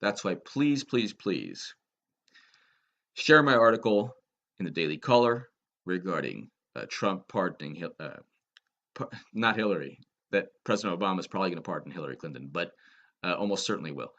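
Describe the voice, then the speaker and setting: A man's voice: deep voice, animated, normal speed, long pauses, fairly bright tone, lo-fi sound. A man giving a political commentary monologue, sarcastic and emphatic, firing off rhetorical questions.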